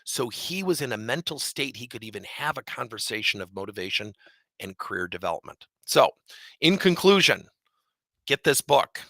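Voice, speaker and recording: A man leading a leadership training session, telling a coaching story with animated, acted-out dialogue. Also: mid-range voice, normal speed, no room sound.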